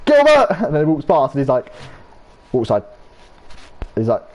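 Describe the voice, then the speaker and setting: Young man, lively swearing gamer. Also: moderate pace. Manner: swearing, jumps into high squeaky quoted voices. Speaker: game streamer. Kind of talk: casual chat while gaming, retelling comedy scenes.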